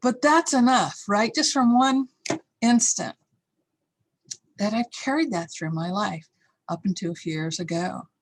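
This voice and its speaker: A middle-aged woman teaching a course, telling a candid, reflective personal story and acting out the voices in it. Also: mid-range voice. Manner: candid, reflective, acts out yelled lines.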